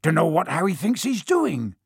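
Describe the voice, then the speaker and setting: A man voicing a huge, gentle, rough-spoken groundskeeper with rustic grammar. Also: fairly high pitch, wildly swooping pitch, moderate pace, dry recording, clean studio sound, heavily acted. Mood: worried. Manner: rustic, ungrammatical speech.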